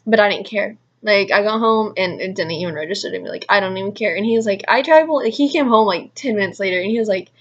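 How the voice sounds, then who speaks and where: A young woman vlogger talks fast and barely pauses as she rambles through a casual story, leaning on "like" again and again. Her voice is mid-range, and the sound is lo-fi.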